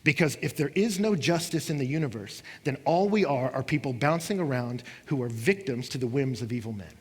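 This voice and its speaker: A man's voice: mid-range voice, expressive, fairly quick, breathy edge. A man preaching a sermon, acting out what his listeners say, with rising and falling intensity. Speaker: pastor. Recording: long hall reverb.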